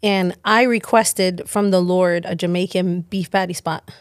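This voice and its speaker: A woman's voice: on the low side, fairly even intonation, unhurried, no room sound, clean studio sound. A woman pastor co-hosting a podcast in casual chat, playful and teasing, laughing often.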